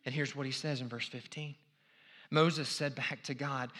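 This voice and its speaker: A male pastor preaching a sermon, acting out prayers with swings from loud pleading to hushed whispers. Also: medium pitch, normal speed.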